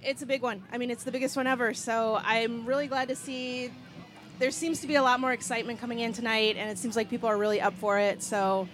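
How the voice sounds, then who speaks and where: A woman with a slightly high voice chats as a guest reporter on a pregame show outdoors at a stadium. She weighs her answers casually and hedges her predictions. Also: level tone, fast talker, a little hiss or hum. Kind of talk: casual chat.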